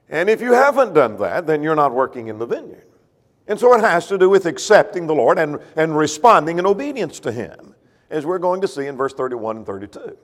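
A male preacher giving a sermon, explaining a passage step by step and asking rhetorical questions. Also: on the high side. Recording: long hall reverb.

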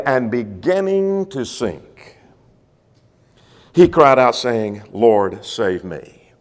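High-voiced man preaching in a reverberant hall. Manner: expository, guiding listeners verse by verse; swings between loud peaks and near-murmured phrases. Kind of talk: sermon.

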